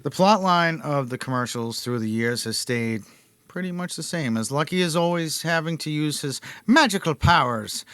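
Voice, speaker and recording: A man's voice: on the high side, lively intonation, normal speed, a bit bright, no echo. Jokey man hosting a podcast. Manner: jokey, laughs at his own asides. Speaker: podcast host. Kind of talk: casual podcast chat, reading notes aloud.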